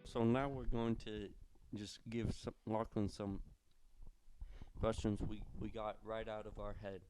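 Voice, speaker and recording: A man's voice: on the low side, little pitch movement, measured pace, over music. A young man co-hosting a casual podcast, asking laid-back questions. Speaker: podcast co-host. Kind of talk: casual chat.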